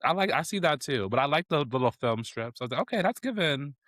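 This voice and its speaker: Young man, podcast co-host, sassy, animated pitch, dry sound. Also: quick pace, no room sound. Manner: expressive, sassy, laughs often. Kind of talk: casual chat.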